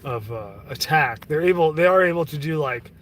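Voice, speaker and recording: A man's voice: fairly high pitch, animated, moderate pace, a bit bright, distant mic, a little hiss or hum. A man talking to his chat on a livestream, rambling and profane, full of fillers and restarts. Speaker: livestream host reading chat. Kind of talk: casual livestream rant.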